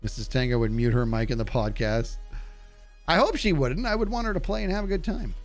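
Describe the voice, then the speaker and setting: A man's voice: mid-range voice, a little fast, soft background music. A man with a nasal voice chatting casually on a gaming livestream, reading and answering his chat as he plays. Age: adult. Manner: chatty, reads and answers chat while playing. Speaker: streamer.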